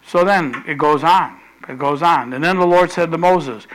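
A middle-aged male pastor preaching a sermon, animated, repeating phrases and loudly acting out the quotes he tells. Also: a little high, normal speed, few pauses, rough recording.

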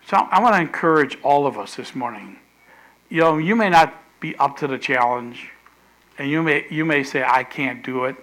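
A middle-aged male pastor preaching a sermon, animated, repeating phrases and loudly acting out the quotes he tells. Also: a little high, moderate pace, poor audio.

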